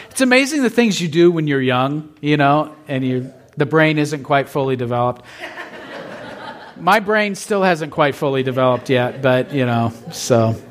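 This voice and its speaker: A middle-aged male pastor giving a conversational sermon in a church, often asking his listeners questions and laughing lightly. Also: fairly high pitch.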